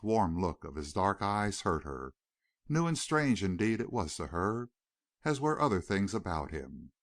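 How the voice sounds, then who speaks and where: A man reads a classic Western novel aloud at a measured pace. His voice sits low yet swings widely in pitch. The recording is dry and close with no room sound. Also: no room sound. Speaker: audiobook narrator. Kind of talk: scripted narration.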